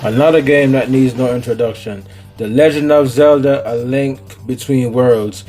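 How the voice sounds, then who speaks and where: A man's voice: medium pitch, warm tone, soft background music. Laid-back Jamaican man vlogging games. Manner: laid-back, slangy, drawn-out delivery. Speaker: gaming YouTuber. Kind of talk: casual vlog chat.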